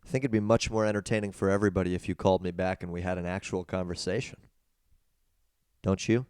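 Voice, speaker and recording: A man's voice: low voice, fairly even intonation, fast talker, a little mellow, clear, resonant tone, no echo. A man hosting a live call-in stream, teasing a caller with dry sarcasm. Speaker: livestream host taking calls.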